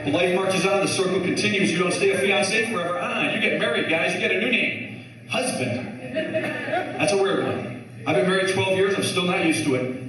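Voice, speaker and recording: High-voiced comedian in an echoey club. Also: male voice, fast, a loud crowd. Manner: animated storytelling, swings pitch a lot. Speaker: stand-up comedian. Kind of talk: stand-up set before a live audience. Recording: echoey live club, distant mic. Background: audience laughter.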